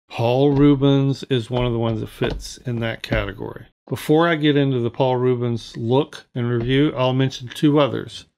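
An American man hosting his watercolor channel, reviewing paints to camera in a folksy, chatty way and talking straight to his viewers. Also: medium pitch. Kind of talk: casual product review to camera.

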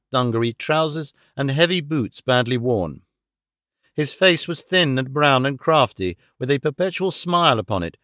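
A man narrates a classic audiobook in a measured, formal way, steady and even. His voice sits in the middle range. The recording is dry and close, with no room sound. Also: mid-range voice, dry recording.

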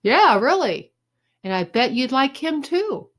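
A cool, cocky fourth-grade boy, as a woman reading aloud plays him, tossing off his lines casually. The delivery is slow and lively in pitch. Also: exaggerated voice. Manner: casual, offhand.

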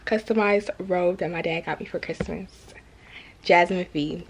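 A woman's voice: on the low side, steady tone, measured pace, husky. A young woman vlogging casually at home, ranting in an irritated, slangy way to her viewers. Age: young adult. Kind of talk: casual vlog chat. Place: home bathroom or bedroom.

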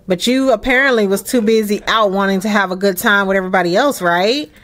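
A woman's voice: medium pitch, quick pace, fairly bright tone, pitched below the performer's own voice, natural voice. A woman voicing a sassy young wife in a life-sim game, speaking in a pointed, confident way close to her own voice.

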